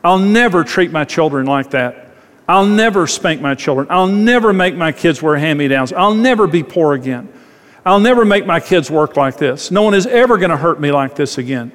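A man's voice: on the high side, expressive, moderate pace, fairly bright tone, big-room sound. A man preaching a sermon as a pastor, talking conversationally, acting out quoted voices and repeating phrases.

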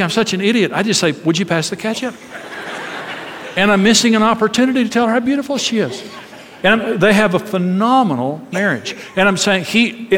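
A middle-aged man giving a sermon-style marriage talk, animated and acting out the voices in his stories. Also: high voice, slight background noise. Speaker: marriage speaker. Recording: long hall reverb.

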